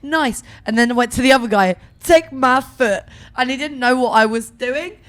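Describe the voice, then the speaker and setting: A young woman, a band member, chatting casually in an interview, animated, swearing and acting out what people said. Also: a little high, fast talker, smooth. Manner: animated, swearing, acts out quotes. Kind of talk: casual chat. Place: outdoor music festival.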